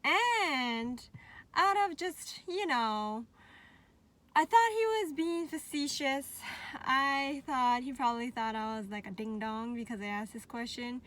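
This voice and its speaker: A woman vlogging casually to her viewers, chatty and animated, laughing often and a little out of breath. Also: high voice, a little slow. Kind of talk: casual talk to camera.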